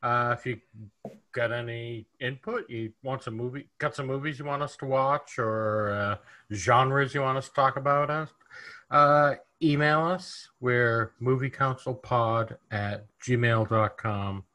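A man's voice: mid-range voice, steady tone, a little slow, pushed and bright. A man co-hosting and producing a casual podcast, easygoing and joking.

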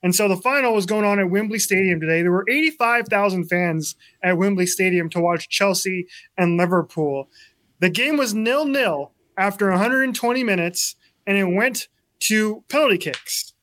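A man co-hosting a sports talk show, telling a story in a chatty, animated way. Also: high voice, moderate pace. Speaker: sports radio co-host.

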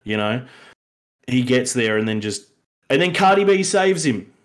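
A man's voice: fairly low pitch, moderate pace. A man with an Australian accent co-hosting a podcast, rambling through a casual film review, laughing and acting out lines from the film. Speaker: podcast co-host.

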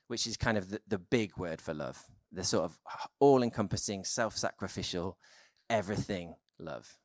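Casual low-voiced male preacher, dry sound. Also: moderate pace, darkish tone, no echo. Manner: conversational, informal sermon with many fillers. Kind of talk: sermon.

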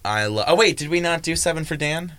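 Lively, bright-voiced young male podcast host. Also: a little high, quick pace, clean tone, dry recording. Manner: laughs often, animated and playful. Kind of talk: casual chat.

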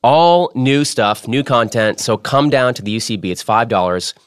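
A man's voice: medium pitch, expressive, normal speed, smooth, no room sound, studio quality. Playful, jokey man hosting a podcast. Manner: playful, jokey, self-mocking. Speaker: podcast host. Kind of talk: casual podcast chat.

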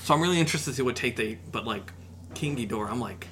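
A fast-talking man in casual podcast chat, his voice bright and forceful, rambling eagerly through his points. A faint hiss sits under the recording. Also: mid-range voice. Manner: excitable, rambling with many fillers. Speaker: podcast co-host.

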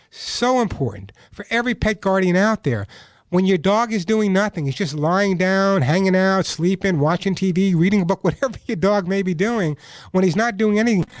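A man hosts a call-in pet advice radio show, coaching callers in an emphatic way and repeating his key points. His voice sits high, and the studio sound is close and dry. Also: no room sound. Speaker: radio pet show host and dog trainer.

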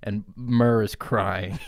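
A man co-hosting a comedy podcast, telling a crude absurd story and breaking into squeaky character noises. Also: steady tone, drawn-out words. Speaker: podcast co-host. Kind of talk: improvised comic storytelling.

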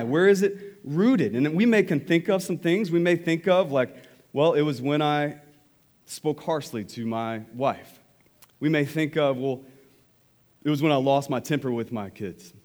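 Higher-voiced man preaching a conversational sermon. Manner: conversational, animated storytelling with laughs. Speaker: pastor. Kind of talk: sermon with storytelling.

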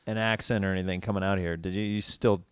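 A man hosting a comedy podcast, chatting in a relaxed, joking way. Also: low voice, quick pace, smooth, no echo. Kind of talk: casual podcast chat.

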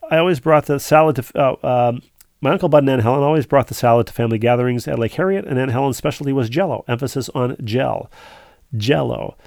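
A man's voice: mid-range voice, rapid-fire, darkish tone, no echo, clean studio sound. A man co-hosting a podcast, reading listener emails aloud and wandering off into rambling asides in casual chat. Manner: rambling, digressive, full of asides. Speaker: podcast co-host.

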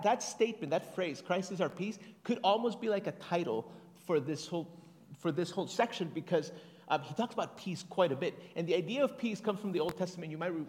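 Chatty preacher man in a reverberant hall. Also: high voice. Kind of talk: conversational sermon. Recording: long reverb of a large hall.

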